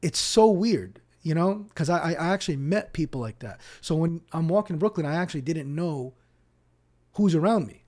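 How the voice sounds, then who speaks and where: Animated storyteller with a mellow voice. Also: male voice, on the high side, moderate pace. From West Bank, Palestine. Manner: animated, acts out dialogue, repeats words when starting sentences. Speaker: podcast guest, Islamic teacher. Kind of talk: casual storytelling interview.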